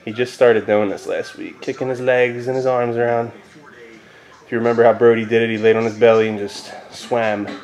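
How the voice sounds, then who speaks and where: A young man filming a casual home vlog, talking to his baby sons indoors and slipping into high sing-song baby talk. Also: flat delivery, fairly quick, a little mellow, roomy sound. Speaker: vlogger and father.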